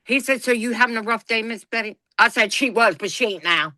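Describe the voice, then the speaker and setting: Casual podcast co-host: a woman, bright and sharp, blunt and funny. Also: fairly high pitch, a little fast, no echo. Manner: folksy, blunt, laughs through her stories. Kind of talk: casual storytelling chat.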